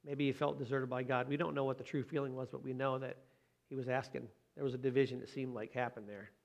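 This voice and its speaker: A man's voice: mid-range voice, level tone, quick pace, gravelly. Conversational male preacher. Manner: conversational, asks the listeners questions. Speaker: pastor. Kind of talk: sermon.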